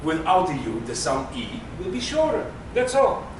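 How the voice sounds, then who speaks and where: A man's voice: fairly high pitch, wildly swooping pitch, normal speed, background noise. A man teaching a beginners' Hebrew class, patiently explaining and praising his students. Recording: echoey room, mic far off.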